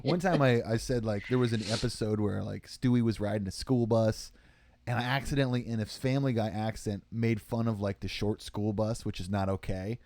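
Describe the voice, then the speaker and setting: A man's voice: lowish voice, steady tone, fairly quick, darkish tone, slight background noise. A man co-hosting a podcast, a former teacher telling jokey, rambling stories in casual chat.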